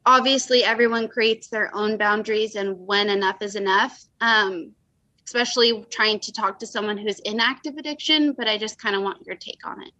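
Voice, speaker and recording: Hesitant bright-voiced woman asking a question. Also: medium pitch, fairly even intonation, normal speed, no room sound, rough recording. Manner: hesitant, with fillers. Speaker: group member asking a question. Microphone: video call.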